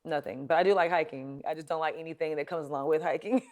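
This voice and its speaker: A woman with a low, smooth voice hosts a casual advice show. She talks straight to her viewers in a chatty, emphatic way and laughs easily along the way. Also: fairly even intonation, fast, a little mellow. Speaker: show host. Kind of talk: casual advice talk to camera.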